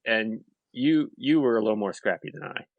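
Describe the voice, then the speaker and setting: A man's voice: medium pitch, normal speed, gravelly, no room sound, phone-quality sound. A man in his thirties in casual podcast chat, telling a story animatedly with lots of fillers. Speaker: podcast guest.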